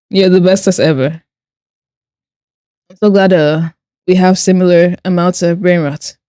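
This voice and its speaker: A woman's voice: fairly low pitch, mellow, dry recording, clean studio sound. A woman art streamer who chats casually while she draws. She reads her chat aloud, answers with playful sarcasm and laughs often.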